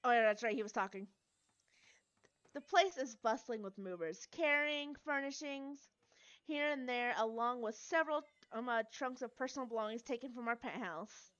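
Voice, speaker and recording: Brief: chatty woman streamer reads game narration, bright tone, slightly muffled mic. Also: fairly high pitch, normal speed. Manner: chatty, giggly asides. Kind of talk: reading a story game aloud.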